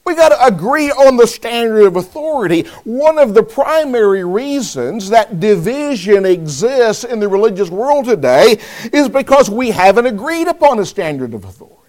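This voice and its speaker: A man preaching a sermon, speaking deliberately and calling on listeners by name. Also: high-pitched, big pitch swings, a little mellow.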